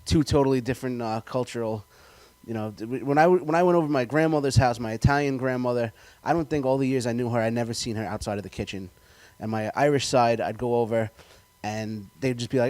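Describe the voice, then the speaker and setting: Male stand-up comic, excitable and self-deprecating, dry close sound, mid-range voice. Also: medium pitch, fast, no echo. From New York. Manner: loud, excitable, self-mocking storytelling. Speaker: stand-up comedian guest. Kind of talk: stand-up comedy set.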